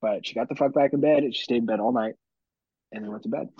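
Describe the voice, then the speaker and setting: A man's voice: medium pitch, fast talker, breathy edge, no room sound, dull audio. A man hosting a podcast, telling a parenting story in casual, profane chat. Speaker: podcast host.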